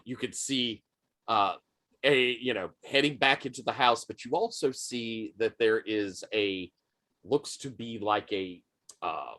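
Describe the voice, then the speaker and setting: A man narrating as game master of a tabletop role-playing game, with a loose, filler-heavy delivery. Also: fairly low pitch. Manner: unhurried, lively narration with many fillers.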